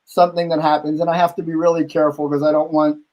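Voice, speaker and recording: A man with a slightly higher voice spins lively nightlife anecdotes in a relaxed conversation. He keeps the chat casual and acts out the lines of the people in his stories as he goes. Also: quick pace, rough recording. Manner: animated anecdote-telling, acting out quotes. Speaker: bar owner and guest host.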